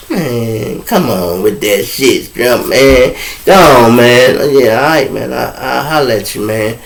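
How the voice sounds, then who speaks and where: Man, Chicago accent, storyteller, slangy street talk, animated, mid-pitched voice. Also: measured pace, vocal fry, low-quality recording. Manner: animated, acts out other people's voices in dialogue. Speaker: show host telling a story. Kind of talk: casual storytelling to viewers.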